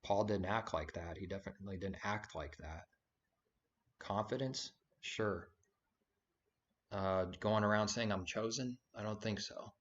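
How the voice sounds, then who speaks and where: A man's voice: lowish voice, steady tone, unhurried, long pauses, fairly bright tone. A man giving an informal spoken sermon, rambling and conversational, with frequent fillers and restarts. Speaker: preacher. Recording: dull lo-fi recording.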